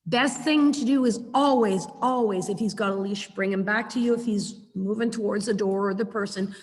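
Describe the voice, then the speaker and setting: A woman dog trainer teaching a webinar over a video call, chatty and lively, repeating words for emphasis. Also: medium pitch, moderate pace, slight background noise. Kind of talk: webinar lesson. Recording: echoey video call audio.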